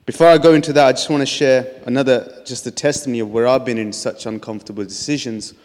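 A man's voice: mid-range voice, steady tone, quick pace, a little mellow. A man sharing a testimony in a sermon, telling his story earnestly with frequent restarts. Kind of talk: testimony preaching. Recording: long hall reverb.

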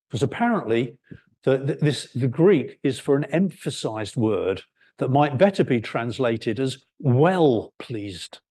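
A man preaching a sermon, explaining scripture in an unhurried way and lifting his voice on key words. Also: mid-range voice, dark tone, slightly rough. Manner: unhurried expository preaching, rising for emphasis.

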